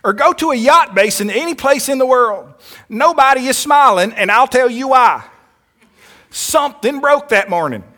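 Folksy old billionaire, put on by a preacher, drawling, raised and fairly high. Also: male voice, expressive, moderate pace, bright, forceful tone, full character voice. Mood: folksy warning. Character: folksy short wealthy older Texan billionaire man.

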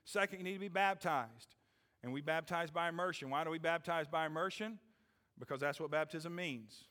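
Man, middle-aged, pastor, sermon, slightly high voice, emphatic, rising questions, hushed asides. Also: fairly quick, long reverb tail. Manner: emphatic preaching, rising to loud questions and dropping to a hush; repeats "okay?" and "amen?" to the congregation.

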